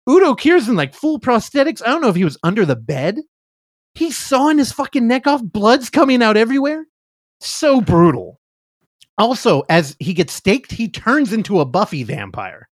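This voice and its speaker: A podcast co-host retells a film scene in casual chat, animatedly acting out the quotes and swearing freely. His voice is very high-pitched at a normal speed, captured in a dry, studio-quality recording.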